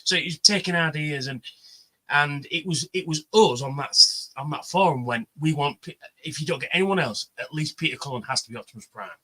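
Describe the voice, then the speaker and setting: A man chats casually and tells stories with lots of energy. His voice is husky, with a forceful, tense edge and a fairly high pitch. He swears easily and plays out everyone he quotes. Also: fairly quick, poor audio. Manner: animated, swears freely, acts out quoted voices. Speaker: livestream panelist. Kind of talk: casual chat, storytelling.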